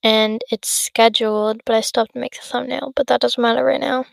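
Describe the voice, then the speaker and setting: With a steady tone, a gravelly texture and a pitch on the high side, an eighteen-year-old woman talks a little fast in casual chat on her solo podcast. She rambles, uses many fillers and breaks off mid-thought, sounding tired and yawny. The recording has no room sound.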